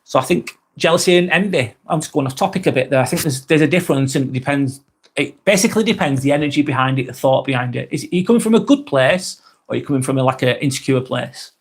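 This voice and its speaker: A man's voice: mid-range voice, lively intonation, fast talker, breathy edge. A British man hosting a live vlog, chatting casually and reading out viewer comments, rambling onto tangents and swearing freely. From Britain.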